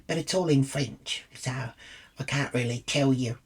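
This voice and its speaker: A woman's voice: rumbling low, unhurried, husky. A woman with an Australian accent telling a bawdy comic story in a brash, chatty way.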